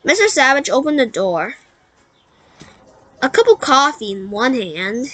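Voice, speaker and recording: A woman's voice: sits high, very animated, a bit bright. A woman reading a storybook aloud, stumbling and correcting herself as she goes. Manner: halting, self-correcting read-aloud. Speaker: book reader.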